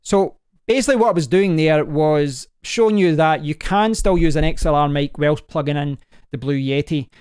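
Slightly high, a bit mellow and smooth, this man's voice carries a laid-back tech tutorial from his home desk. He works the gear as he talks, thinking aloud with frequent restarts, while switching between desk microphones.

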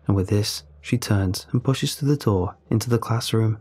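A man calmly narrating a first-person horror story in a measured, storytelling way. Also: lowish voice, breathy edge.

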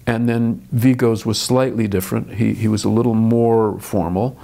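A man's voice: on the low side, steady tone, moderate pace, gravelly, mellow. An older man, a film director, talking thoughtfully in an interview with frequent restarts. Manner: thoughtful, restarts often, dry chuckles. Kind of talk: interview conversation.

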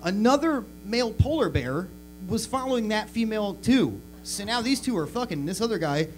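A man doing crude, animated stand-up comedy on a club stage, acting out bits as he goes. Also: sits high, normal speed, soft background music. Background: audience laughter.

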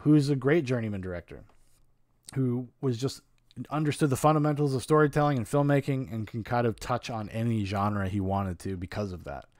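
A man's voice: fairly low pitch, dry recording, studio quality. A man hosting a podcast, giving a casual and frank film review in a rambling, opinionated way with some swearing.

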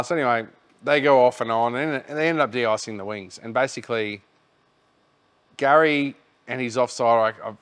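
A man's voice: mid-range voice, a bit bright. An Australian man hosting a podcast, telling a rambling, laid-back story in casual chat and swearing freely. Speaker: podcast host.

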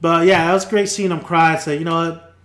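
A man hosting a casual TV review, retelling scenes in an animated way and acting out characters' lines. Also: a little high, brisk, echoey room. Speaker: TV review host. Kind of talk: casual spoken TV recap.

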